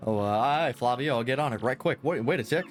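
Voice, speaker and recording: A man voicing a gruff pirate ship's crewman in a put-on pirate accent, using salty sailor talk. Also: medium pitch, expressive, fast talker, faint music behind, close to an everyday voice.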